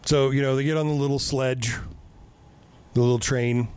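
A man's voice: medium pitch, fairly even intonation, normal speed, a little mellow, clear, resonant tone. A man on a casual podcast, recapping a movie in a rambling, joking, profane way.

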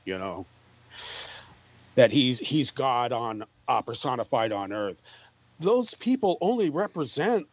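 A man's voice: medium pitch, animated, a little slow, pauses often, dry recording. A man in a casual political chat, telling opinionated stories with emphasis.

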